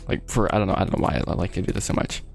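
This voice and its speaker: A man's voice: low voice, creaky. A young man rambling casually and laughing often while he works on a 3D model and chats with viewers. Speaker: 3D artist streaming his work. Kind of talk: casual live chat while working.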